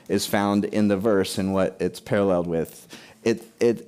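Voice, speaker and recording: Male pastor, middle-aged, low-voiced, emphatic sermon delivery. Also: darkish tone. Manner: emphatic preaching, questions to the congregation.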